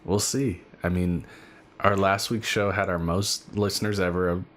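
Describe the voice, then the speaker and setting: A man's voice: deep voice, fairly even intonation, a little slow, a bit bright, slight background noise. A man co-hosting a casual podcast, bantering with jokes and profanity. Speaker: podcast co-host.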